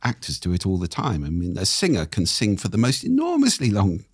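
A man, a speaking coach, explaining in conversation with lively, demonstrative intonation and a husky voice. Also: fairly low pitch, a little fast, dry recording, studio quality.

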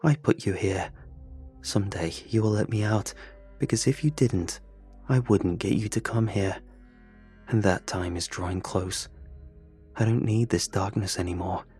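A man voicing a calm, manipulative male prisoner who is a deluded killer, speaking in a smooth, needling, coolly certain way. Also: fairly low pitch, unhurried, pauses often, soft background music. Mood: taunting.

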